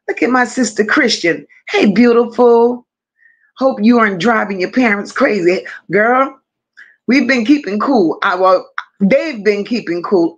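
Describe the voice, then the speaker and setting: A woman's voice: mid-range voice, a bit bright, muffled recording. A woman hosting a casual livestream, affectionately greeting viewers one by one and reading their comments aloud. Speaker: livestream host.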